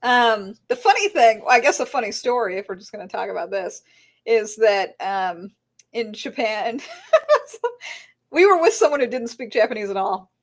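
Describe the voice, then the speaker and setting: A woman author chatting as a guest in an interview, telling animated stories and slipping into voices for the people in them. She laughs often while she talks, and her voice sits a little high. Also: moderate pace. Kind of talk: casual interview chat.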